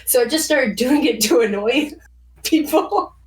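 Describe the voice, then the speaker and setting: A woman's voice: on the high side, moderate pace, recorded from a distance, poor audio. A woman guest on a podcast, chatting casually in long rambling stretches with frequent laughs and fillers. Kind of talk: casual chat.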